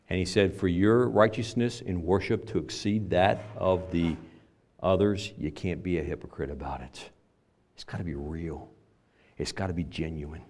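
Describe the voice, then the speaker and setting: An older man preaching to his congregation in a low voice. He talks in a conversational way, pushes some phrases out loud for emphasis, then drops into quiet asides. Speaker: pastor. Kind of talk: sermon.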